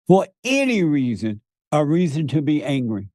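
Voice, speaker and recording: A man's voice: on the high side, very animated, moderate pace, warm tone, dry recording. A man preaching in conversation, emphatic, repeating words for stress and laughing often. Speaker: guest preacher.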